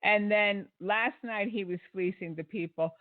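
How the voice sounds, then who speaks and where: A man's voice: high voice, a little slow, dry recording. A man hosting an online show, giving critical commentary in an indignant, sarcastic way with many fillers. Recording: dry, tinny phone-like sound.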